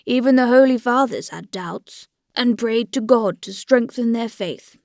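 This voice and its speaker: A woman's voice: fairly high pitch, a little slow, vocal fry, darkish tone, dry recording, studio quality. A woman reading the part of a weary, good-natured old priest who rattles off churchly phrases in a rote rush. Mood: hurried, patient.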